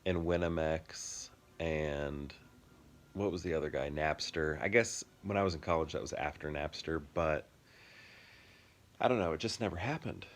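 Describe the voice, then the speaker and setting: A man in his thirties co-hosting a casual chat, easygoing and quick to laugh, with long rambling explanations. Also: a bass voice. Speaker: podcast co-host.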